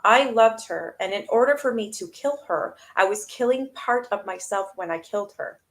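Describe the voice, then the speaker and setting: A woman's voice: medium pitch, animated, normal speed, a bit bright. A woman hosting a live stream, reading a book aloud and breaking off to react bluntly to her viewers, often swearing. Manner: blunt, swears freely, greets chat viewers. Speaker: host.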